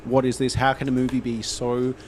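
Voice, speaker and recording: A man casually reviewing a film, animated and quoting reactions from a screening. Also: mid-range voice, brisk, background noise. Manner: animated, quotes audience reactions.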